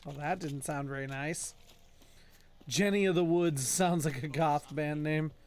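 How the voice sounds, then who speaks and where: A man's voice: a little high, measured pace, a crowd in the background. A man streaming a game, reading in-game notices aloud, stumbling over odd names and tossing in joking asides. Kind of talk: casual gameplay commentary.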